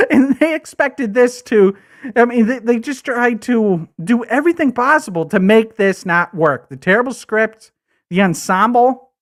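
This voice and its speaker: A crude, coked-up has-been commercial actor, put on by a man for a comedy livestream. He rambles and stammers through a bitter rant, dragging his words out slowly while his pitch swoops up and down wildly. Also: expressive. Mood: crude bragging. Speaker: livestream host.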